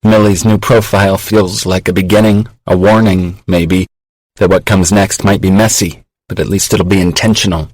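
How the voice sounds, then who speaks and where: A man narrates an audiobook in a low voice, measured and reflective. The close studio mic keeps the sound dry, with no echo. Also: steady tone. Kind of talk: scripted narration.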